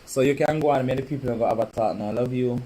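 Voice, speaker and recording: Man, casual live-stream host, mellow tone, teasing and talkative. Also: medium pitch, fast, slight background noise, poor audio. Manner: chatty, teasing, calls out to viewers by name. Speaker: livestream host. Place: home, indoors.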